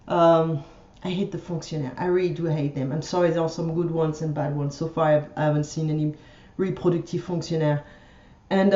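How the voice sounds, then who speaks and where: A woman's voice: medium pitch, warm tone, echoey room, muffled recording. A French woman speaking English with a French accent, venting bluntly in a casual vlog, with lots of fillers and restarts. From France. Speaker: French teacher vlogger. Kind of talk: ranting vlog monologue.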